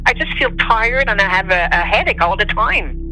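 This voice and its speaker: With slight background noise on a low-quality recording, a medium-pitched woman speaks at a moderate pace. Originally from Montreal, Canada, she is a native French speaker with a Quebec French accent, appearing as a storyteller guest who recounts a personal story with emotion, animated, her voice lifting on quoted speech.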